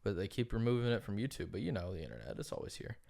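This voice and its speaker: A man's voice: on the low side, big pitch swings, very fast, gravelly, darkish tone. A man co-hosting a podcast in casual chat, telling a long story full of "like" fillers and casual swearing. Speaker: podcast co-host.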